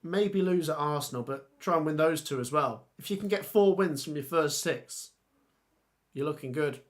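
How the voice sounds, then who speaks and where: A man's voice: fairly high pitch, normal speed. A young man hosting a casual live stream, thinking aloud about football fixtures and reading out viewer comments. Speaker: football channel host.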